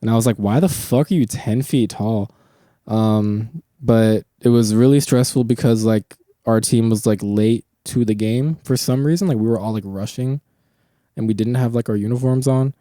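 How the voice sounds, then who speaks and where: A man's voice: fairly low pitch, normal speed, warm tone, dry recording, clean studio sound. A young man hosting a podcast, telling long rambling stories in casual chat, full of swearing and filler words. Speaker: podcast host.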